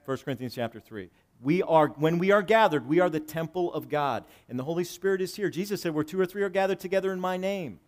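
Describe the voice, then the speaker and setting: A male pastor preaching a sermon, swinging between loud emphatic lines and hushed low ones, reading scripture and explaining it conversationally. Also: lively intonation, fast, a little hiss or hum. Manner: reads scripture aloud and paraphrases it conversationally.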